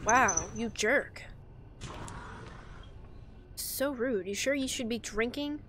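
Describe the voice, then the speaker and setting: A young woman hosting a gaming video, commenting loudly and playfully, joking and laughing as she plays. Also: a little high, slow, pauses often, slight background noise. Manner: loud, playful, jokey, laughs often. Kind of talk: let's-play commentary. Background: game music.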